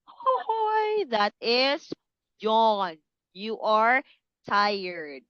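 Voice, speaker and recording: A woman teaching English to young children, speaking slowly and clearly and encouraging them to repeat words. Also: high-pitched, no room sound, dull audio. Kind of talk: online class for kids.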